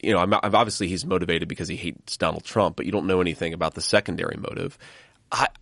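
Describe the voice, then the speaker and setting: Middle-aged male guest, low and gravelly, halting conversational delivery. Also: fairly even intonation, fairly bright tone, no echo, clean studio sound. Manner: halting, repeats words. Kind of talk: casual conversation.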